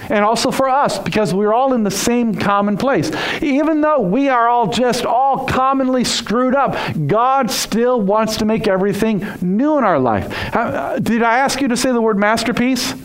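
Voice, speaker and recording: A man's voice: very high-pitched, moderate pace, hardly any pauses, poor audio. A male pastor preaching a sermon, retelling a story and acting out its dialogue. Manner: storytelling, acts out dialogue, drops to a whisper at times.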